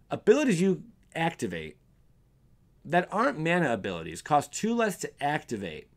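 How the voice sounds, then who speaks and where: A young man hosting a casual card review, rambling and often stumbling over and correcting his words. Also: mid-range voice. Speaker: card game video host.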